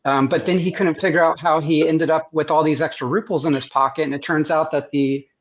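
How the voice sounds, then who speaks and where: Heard through muffled, lo-fi sound, an American man, a surgeon appearing as a guest artist on a video-call podcast, talks a little fast in a highish voice with fairly even intonation. His storytelling rambles, restarts often, and is punctuated by his own laughter.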